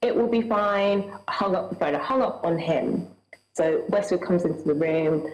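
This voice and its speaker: A woman's voice: low-pitched, normal speed, a little mellow, echoey room, poor audio. A woman with a Scottish accent, a guest recounting a personal experience in an earnest, vivid way, acting out what people said. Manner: earnest, vivid storytelling with acted-out dialogue.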